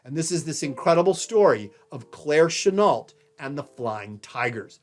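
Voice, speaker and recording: A man's voice: a little high, animated, moderate pace. Man lecturing on history, story-like. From Louisiana, USA. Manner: conversational storytelling lecturer, checks in with listeners. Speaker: history professor. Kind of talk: recorded college lecture.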